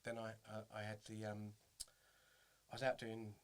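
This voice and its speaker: In a relaxed interview, a guest who works as an impressionist spins lively stories, slipping into character voices and laughing a lot. He speaks at a moderate pace in a clean, lowish tone.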